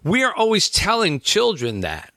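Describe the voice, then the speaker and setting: A guy chatting thoughtfully about his book, lively up-and-down pitch, dry sound. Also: moderate pace, no echo. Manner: earnest, explains with everyday examples. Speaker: author discussing his book. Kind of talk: reflective conversation.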